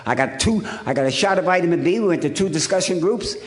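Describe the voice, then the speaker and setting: A man's voice: sits high, lively intonation, fast talker. A man from Ohio telling his recovery story to a hall audience, punchy and wry, with lots of repetition. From Ohio, USA. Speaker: recovery meeting speaker. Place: hotel conference hall.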